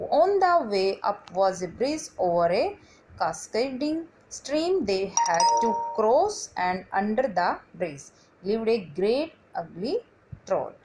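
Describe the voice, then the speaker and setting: A woman, teaching a class and reading a story aloud slowly, often stopping to say "okay" and "dear students". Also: mid-range voice, darkish tone, slight background noise, poor audio. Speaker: English teacher.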